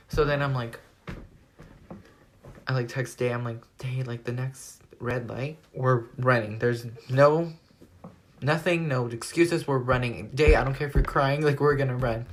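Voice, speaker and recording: A teenage guy recounting a story for his vlog. He rambles along, stacking "like" into almost every phrase as he retells events. His delivery is lively and storytelling-driven. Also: medium pitch, measured pace, slight background noise. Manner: rambling, animated retelling full of "like". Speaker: vlogger.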